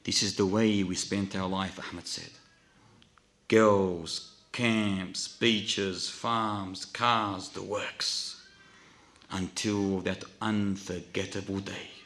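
A man preaching through a dramatic story, swinging between hushed and loud delivery. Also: fairly low pitch, takes it slowly, vocal fry, reverberant. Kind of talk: sermon storytelling.

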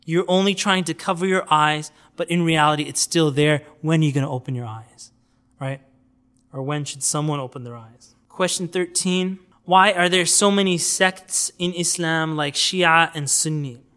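A man gives a casual religious talk, his voice pitched high with a bright edge. He teaches by storytelling and slips into the voices of the people in his examples. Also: moderate pace, clear, resonant tone. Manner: animated storytelling, acts out quoted voices. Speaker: Islamic preacher teaching outreach. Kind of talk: informal religious lecture.

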